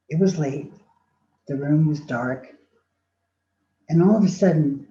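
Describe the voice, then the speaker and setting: An older woman telling a personal story dramatically, acting out voices and swinging between loud and soft. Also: deep voice, a little hiss or hum. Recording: roomy, dull sound.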